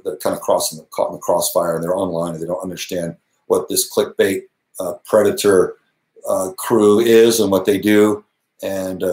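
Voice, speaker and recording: A man with a fairly low voice talks earnestly and with emphasis, as if he is answering critics live. He laughs briefly and restarts his sentences now and then. The sound is roomy, with a clear echo around him. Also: darkish tone. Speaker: channel host. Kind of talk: live Q&A monologue.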